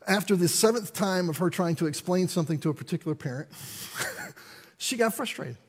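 A male pastor telling a story in a sermon, conversational and animated, acting out the dialogue. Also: sits high, brisk, husky. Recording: long reverb of a large hall.

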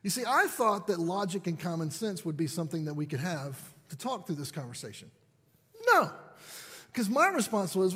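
Man, higher pitched and a bit husky, animated storyteller poking fun at himself, big hall echo. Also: a little fast. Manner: animated, self-deprecating storyteller. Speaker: parent and speaker. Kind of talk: storytelling talk to an audience.

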